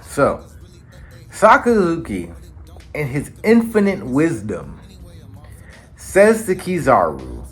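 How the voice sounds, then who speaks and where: A man hosts a casual recap and tells the story in a slangy way. His pitch swings widely as he builds the drama. Faint music plays behind his voice. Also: huge pitch swings, slow pace, long pauses. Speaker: anime channel host. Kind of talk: casual manga chapter recap.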